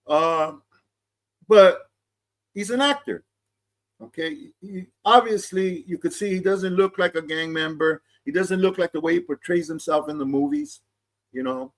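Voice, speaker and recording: A man's voice: high-pitched, lively intonation, measured pace. A middle-aged man hosting his channel, talking casually and often checking in with "okay?". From East Los Angeles. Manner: conversational, peppered with "okay?" and Chicano slang. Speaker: channel host. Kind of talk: casual commentary monologue.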